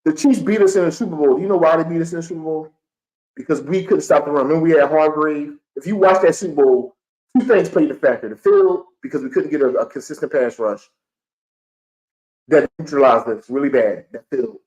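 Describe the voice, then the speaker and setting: Young man, streaming fan-show host, heated repetitive rant, fairly high voice. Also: brisk, a little mellow, low-quality recording. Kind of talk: live-streamed fan sports commentary.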